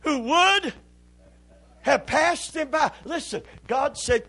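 A man's voice: very high voice, sing-song, slow, sharp tone, husky, no echo. A man preaching a sermon as pastor, folksy and impassioned.

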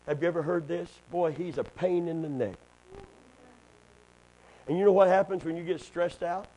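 A middle-aged preacher man with a high voice delivers a sermon. He surges into loud, soaring lines, then drops into low, quiet asides to the congregation. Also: moderate pace, slight background noise, low-quality recording. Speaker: pastor.

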